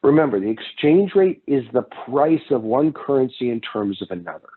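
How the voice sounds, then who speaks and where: A man lectures on economics in a loose, conversational way and often wanders into stories from his own travels. His voice is husky. The recording sounds thin and phone-like. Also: medium pitch, animated, moderate pace. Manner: casual, digressive, with personal anecdotes. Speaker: economics instructor.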